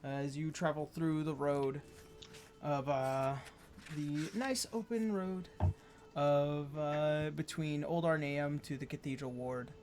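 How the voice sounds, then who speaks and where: Halting, filler-heavy game master narration. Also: medium pitch, steady tone, darkish tone.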